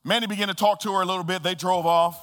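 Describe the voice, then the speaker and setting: A man preaching a sermon as pastor, swinging between loud bursts and hushed asides. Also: high-pitched, fairly even intonation, quick pace. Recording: reverberant hall.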